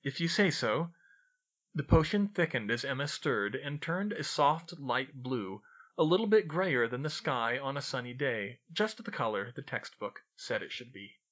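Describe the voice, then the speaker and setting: A man reading fan fiction aloud in steady storytelling narration. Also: medium pitch, normal speed. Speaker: audiobook reader.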